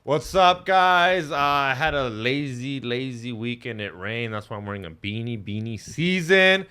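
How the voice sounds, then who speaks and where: Hyped bright-voiced man hosting a podcast. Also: medium pitch, animated, normal speed, clear, resonant tone. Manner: hyped, crude, laughing. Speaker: podcast host. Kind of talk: casual chat, show intro.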